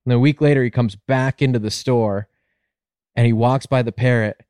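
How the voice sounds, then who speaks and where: A man on a comedy podcast, spinning a long joke in a loose, rambling way. His voice sits at an ordinary middle pitch. The sound is close and dry, with no room around it. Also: moderate pace, clean tone, no room sound. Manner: rambling storyteller, loud excited voices for characters. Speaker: podcast co-host. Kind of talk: casual comedic chat, telling a long joke.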